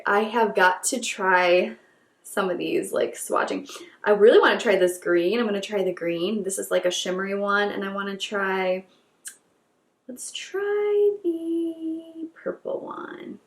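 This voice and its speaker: A woman beauty vlogger doing an excited unboxing chat, gushing and gasping as she repeats her delight. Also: mid-range voice, moderate pace, roomy sound.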